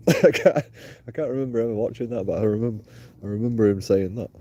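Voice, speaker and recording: A man's voice: lowish voice, fast, mellow. A man livestreaming while walking outdoors at night, rambling, swearing freely and laughing often. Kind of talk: rambling casual livestream chat.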